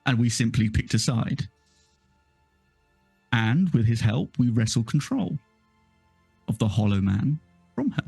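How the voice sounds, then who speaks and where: A man doing a creaky, menacing old village elder who confesses his dark bargain with slow, gloating scorn. He talks down to his listeners. The voice sits dry and close, with soft music underneath. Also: medium pitch, sing-song, no echo, heavily acted.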